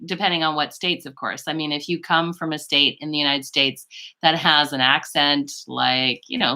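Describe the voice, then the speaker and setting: A Canadian woman from western Canada, a beauty vlogger hosting a live stream, talks casually while reading viewer comments. Her voice is low and bright, and she's chatty and rambling, full of fillers and asides.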